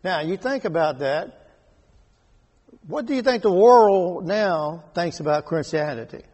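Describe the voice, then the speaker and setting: A man leading a Bible study, reading verses and explaining them slowly and deliberately. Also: sits high, animated, a little mellow, husky. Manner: slow and deliberate, rereading scripture verses aloud. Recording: echoey hall with long reverb.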